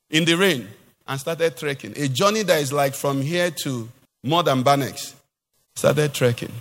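A man, a pastor preaching a sermon in an animated way and putting rhetorical questions to his congregation. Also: fairly high pitch, in a large hall.

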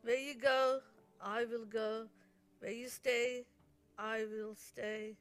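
A woman in her fifties from India, a pastor giving a slow, heartfelt personal testimony at a church service. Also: a little high, steady tone, faint music behind. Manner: slow, heartfelt, playful banter with husband.

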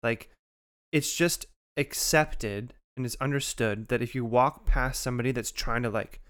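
Smooth-voiced man reacting emphatically. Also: medium pitch, normal speed, fairly bright tone. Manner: reacts with emphatic exclamations, swears casually. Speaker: podcast co-host. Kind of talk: casual chat.

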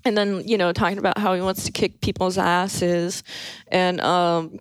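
A woman's voice: lowish voice, flat delivery, normal speed, clear, resonant tone, dry recording. Dry, close woman telling a story. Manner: laid-back and amused, with lots of fillers and laughs. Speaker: podcast guest telling a story. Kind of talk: casual anecdote storytelling.

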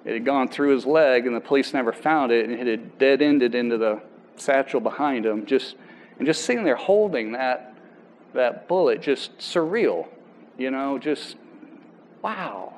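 A man preaching to his church in a loose, talky way, stopping and restarting his phrases as he tells a story. His pitch sits in an ordinary middle range. A faint hum of noise runs under the recording. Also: animated, darkish tone, poor audio. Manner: conversational, halting restarts, quotes people aloud. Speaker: pastor. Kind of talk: sermon with personal story.

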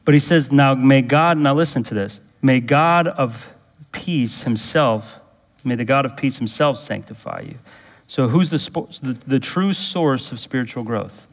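A man's voice: animated, normal speed, long reverb tail. A pastor preaching a sermon, emphatic, drawing answers from the congregation and rising to fervent intensity when he prays aloud. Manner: emphatic, asks the congregation to fill in words; rises to fervent, higher-pitched intensity in prayerful passages.

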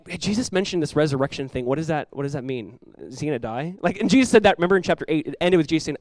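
A young man delivers a sermon in a relaxed, chatty style, filling it with "like" and brief voiced quotes. His voice sits somewhat high and he talks quickly. The sound is dry and close, with no room echo. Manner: conversational preaching, peppered with "like", voicing Jesus and the disciples. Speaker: pastor.

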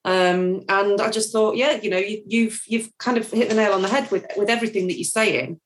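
A woman's voice: medium pitch, brisk, slight background noise. A woman talking football in a hesitant way, with many ums and restarts. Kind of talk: casual chat.

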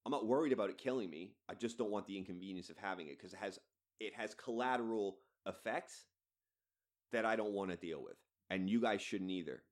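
A man hosting a podcast, ranting bluntly and swearing freely. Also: on the low side. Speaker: podcast host. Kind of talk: solo podcast rant.

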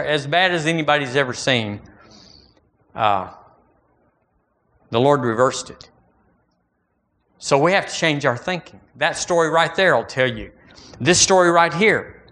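A man preaching a sermon in a folksy, animated way, repeating phrases and rising into bursts. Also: on the high side. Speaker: pastor.

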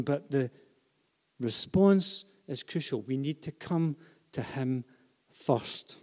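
A man preaches in a church hall, his voice sitting a little high for a man. He moves from soft, intimate phrases to loud, insistent repetition. A long reverb from the large room trails after each line. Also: slow. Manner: impassioned, builds from hushed to loud with repeated emphasis. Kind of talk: sermon. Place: church hall with a live and online congregation.

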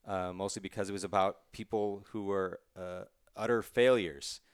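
A man's voice: sits low, fairly even intonation, normal speed, clear, resonant tone, dry recording, studio quality. A man, a TV writer, talking casually in an interview, rambling and interrupting himself, laughing easily. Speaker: TV writer, podcast guest.

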